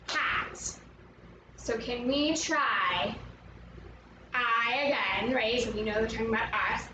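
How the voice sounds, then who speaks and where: High-voiced woman teaching kids, echoey room. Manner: upbeat, slow and clear, asks the viewer to join in. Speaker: children's arts teacher. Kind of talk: online lesson for young kids. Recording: roomy, echoey, from a distance with background noise.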